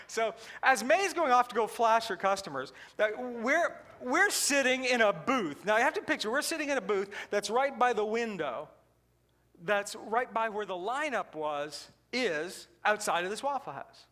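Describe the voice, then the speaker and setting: A man giving a keynote talk, telling a story in an animated way with frequent laughs. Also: sits high, moderate pace. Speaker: customer service keynote speaker.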